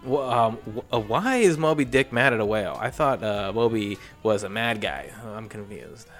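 A man's voice: on the low side, lively intonation, faint music behind. Hesitant man stumbling through ums. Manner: hesitant, halting, full of ums. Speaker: improv performer. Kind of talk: improv comedy scene.

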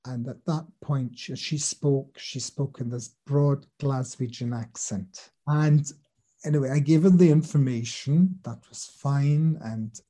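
A man talks through his experiences as a medium in a relaxed interview. His voice is deeply mellow and dark-toned, and his delivery is earnest and patient as he explains his ideas. He softens noticeably whenever he recounts what someone else said. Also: measured pace. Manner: earnest, explanatory, drops soft when quoting others. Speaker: spirit medium and teacher. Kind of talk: conversational interview storytelling.

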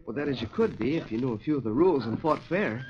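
An actor playing an earnest, steady fourteen-year-old boy in a 1940s radio drama. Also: medium pitch, fast, highs cut off, crowd noise, close to an everyday voice. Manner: earnest, calm and firm.

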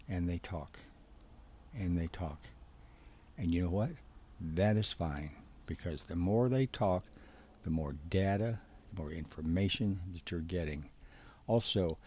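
Low husky man teaching earnestly. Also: dark tone. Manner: earnest, repeats key points for emphasis; gives direct instructions to the listener. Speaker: biblical counseling instructor. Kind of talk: spoken teaching talk.

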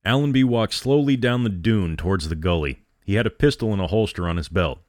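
A man reading a dramatic story aloud as host, in a measured, dramatic way. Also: lowish voice, darkish tone, no room sound, studio quality.

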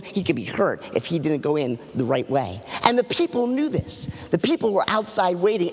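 Animated man telling a children's sermon. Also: breathy edge, in a large hall, muffled recording. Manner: dramatic, animated storytelling with big pitch swings. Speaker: children's pastor. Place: church platform.

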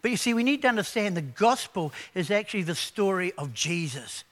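A man preaching a sermon, animated and conversational, telling stories to his congregation. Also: high-pitched, a little fast. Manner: animated preaching with acted quotes; conversational storytelling. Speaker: pastor.

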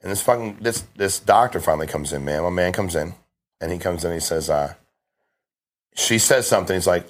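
A middle-aged man talking casually on a podcast as a guest, telling stories with emphasis and lots of restarts. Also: sits low. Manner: fast, emphatic storytelling with frequent restarts. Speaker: guest, insurance sales agent.

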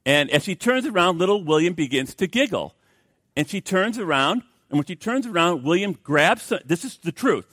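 An older man, a pastor, preaching a sermon with lively storytelling and jokey asides to the congregation. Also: high-pitched, normal speed, dry recording, studio quality.

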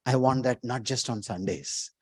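A man preaching a sermon as pastor, emphatic, repeating words and rising to loud exclamations. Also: medium pitch, moderate pace, husky, dry recording.

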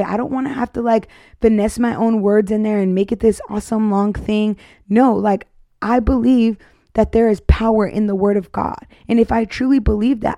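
A woman's voice: a little high, warm tone, no echo, studio quality. A woman in her twenties hosting a podcast, talking earnestly and from the heart about her faith, rambling with many fillers. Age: 20s. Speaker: podcast host. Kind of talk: casual faith testimony.

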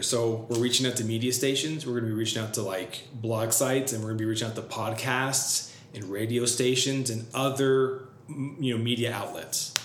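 Man, business vlogger, casual rambling delivery, lots of "like", salty language, roomy sound with faint background hum. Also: medium pitch. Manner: filler-heavy, profane, enthusiastic. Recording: roomy echo, faint ambience.

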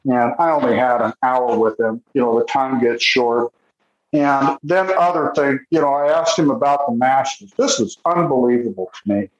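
A man telling stories from his interviews in a casual chat, lively and quick to act out what people said. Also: reverberant, lo-fi sound. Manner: animated, jumps into high voices when quoting people. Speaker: author recounting interviews with golfers.

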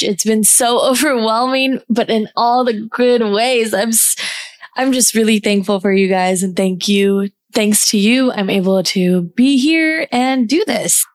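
A woman hosting a self-care podcast, guiding listeners through affirmations in a warm, encouraging, casual way. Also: medium pitch. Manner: slow deliberate pacing on repeated affirmations. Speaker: podcast host.

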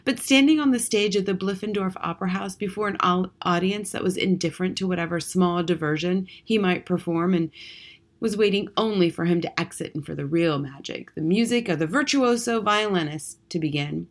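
A woman reading a storybook chapter aloud in a soft, measured narration. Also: on the low side. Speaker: audiobook reader.

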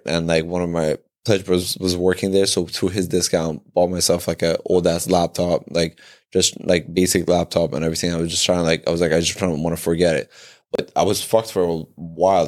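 Very deep-voiced young man rambling. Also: a little mellow. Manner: rambling, heavy on "like" fillers and swearing. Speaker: podcast co-host. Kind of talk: casual storytelling chat.

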